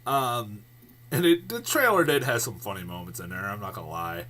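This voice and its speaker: A man giving a casual, rambling movie review vlog, swearing freely, laughing often and getting loud and worked up. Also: on the low side, lively intonation, normal speed.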